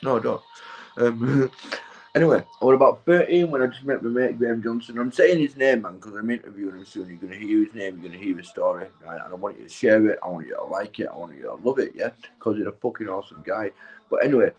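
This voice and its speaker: A man's voice: lowish voice, quick pace, darkish tone, poor audio. A young man, stoned and rambling through a sweary, casual story, checking in with his listener all the time. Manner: sweary, keeps tagging "right?" and "mate". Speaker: vlogger.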